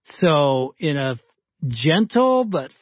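A man's voice: a little high, drawn-out words, no room sound, highs cut off. Male podcast host telling a story. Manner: lively storyteller who acts out quoted dialogue. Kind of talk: storytelling in a casual faith-based talk.

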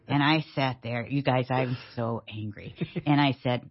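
Low husky woman co-hosting a chat show. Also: measured pace. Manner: animated, laughs while telling stories. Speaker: radio co-host. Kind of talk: casual storytelling chat. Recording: dull lo-fi sound.

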